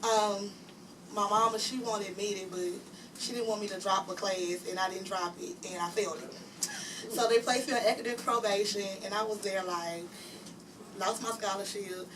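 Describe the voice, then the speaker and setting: A woman's voice: mid-range voice, steady tone, moderate pace. A young adult woman telling her personal story as an honored guest speaker, chatty, laughing often and leaning on fillers. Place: community event room. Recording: distant mic with clear room noise.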